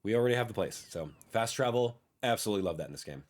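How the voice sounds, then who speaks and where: A man's voice: lowish voice, lively intonation, very fast. A man hosting a let's-play video, chatting casually and playfully as he plays. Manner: chatty and playful, with cheerful asides. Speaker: gaming video host. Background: faint game music.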